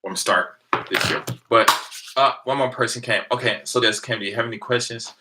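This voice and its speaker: A man's voice: medium pitch, fairly quick, sharp tone, slight background noise. An American man in his thirties, chatting casually with viewers late at night from home, telling rambling stories and laughing often. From United States. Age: 30s. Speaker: livestream host.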